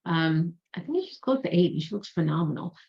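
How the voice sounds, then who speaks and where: A woman's voice: lowish voice, expressive, brisk, creaky, husky. A woman career coach talking casually and at length, chatty and digressive, often correcting herself. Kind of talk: casual explanatory talk. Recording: dull lo-fi sound.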